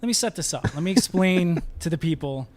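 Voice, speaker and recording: A man's voice: on the high side, lively intonation, brisk, darkish tone. A man hosting a podcast in a bar, joking and easygoing as he sets up an interview. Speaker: podcast host. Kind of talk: casual podcast chat. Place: closed bar.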